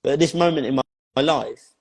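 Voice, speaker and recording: A man's voice: on the high side, a little fast, slightly rough. Blunt, swearing man in a reverberant room. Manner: blunt, heavy swearing, emphatic repetition. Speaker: interview guest and life coach. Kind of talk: personal storytelling interview. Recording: long hall reverb.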